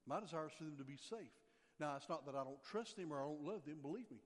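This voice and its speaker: An older man preaching a sermon, emphatic, repeating key phrases and dropping his voice low for scripture. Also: lively intonation, quick pace. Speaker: pastor. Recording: long hall reverb.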